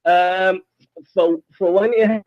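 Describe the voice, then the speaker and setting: A man's voice: sits high, steady tone, slow pace, no echo. A man from India, calling into a debate, talking hesitantly, stumbling and apologizing. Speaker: caller. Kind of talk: online call-in debate. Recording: muffled call audio.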